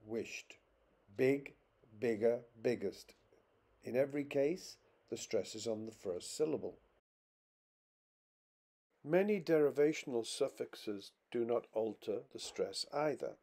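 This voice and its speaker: A male narrator delivers a scripted pronunciation lesson at an unhurried, measured pace. His pitch sits in a middle range, and he sets each example word apart with deliberate, clear stress. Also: animated, mellow. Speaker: English pronunciation teacher.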